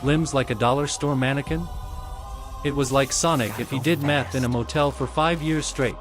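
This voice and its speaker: A man's voice: mid-range voice, moderate pace. A man narrating scripted comedic commentary in a sarcastic, mocking roast style. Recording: loud music bed behind voice.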